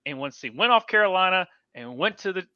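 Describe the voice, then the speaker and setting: A man's voice: high voice, animated, a little fast, sharp tone, clear, resonant tone, no echo. A man co-hosting a fantasy football podcast, chatting casually, rambling and correcting himself as his voice trails off. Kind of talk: casual sports chat. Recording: dull, dry lo-fi mic.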